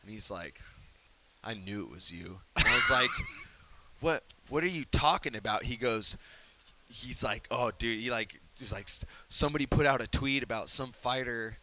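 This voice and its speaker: A man recounting a story in a casual interview, his voice bright and forward. He is animated and laughs often, dropping into hushed whispers when he acts out what he said. A faint hiss sits under the recording. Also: mid-range voice, normal speed.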